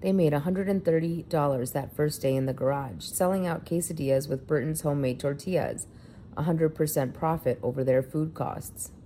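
Low, mellow woman reading a story aloud. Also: normal speed, slight background noise. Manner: plain narrating read-aloud delivery. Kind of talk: reading a feature article aloud.

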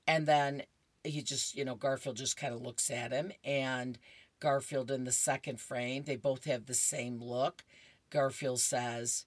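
Woman radio reader, unhurried, chatty asides, dry studio sound. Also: a bass voice, fairly even intonation, dry recording. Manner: chatty asides, laughs at the jokes. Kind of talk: reading horoscopes and comic strips on radio.

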